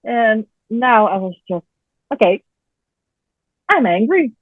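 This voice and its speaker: Lively mom on a tinny line. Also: female voice, on the high side, slow, no room sound. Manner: animated and chatty, laughs often, searches for words. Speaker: program participant sharing her story. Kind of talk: casual interview storytelling. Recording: tinny phone-line audio, dry.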